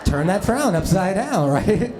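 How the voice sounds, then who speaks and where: High, lively man telling funny stories. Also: measured pace. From US Midwest. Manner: self-mocking, chatty, with asides to the crowd. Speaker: storyteller at a live talk. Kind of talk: comic personal storytelling to an audience. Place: stage before a laughing live audience.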